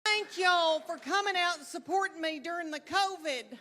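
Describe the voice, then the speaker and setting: A woman's voice: very high voice, normal speed, pushed and bright, slight background noise. Folksy woman comedian, live hall. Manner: folksy, self-deprecating storytelling drawl. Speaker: stand-up comedian. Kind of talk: stand-up comedy set. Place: large theater stage with audience. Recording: live hall reverb, faint ambience.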